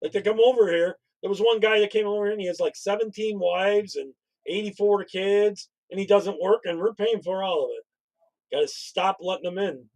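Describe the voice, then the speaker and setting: High-voiced man, blunt and opinionated. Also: a little fast, a little mellow, rough recording. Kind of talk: casual political commentary livestream.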